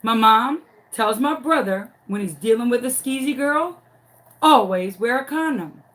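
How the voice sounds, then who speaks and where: A man's voice: very high voice, animated, unhurried, pushed and bright, heavily acted. A woman voicing a sweet, clueless young schoolboy who speaks innocently and matter-of-factly. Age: child, young boy.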